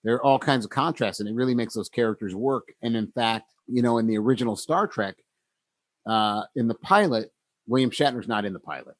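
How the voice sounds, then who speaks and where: A man's voice: mid-range voice, a little fast, no room sound. A man co-hosting a casual podcast, talking reflectively with many fillers and restarts. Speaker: podcast co-host.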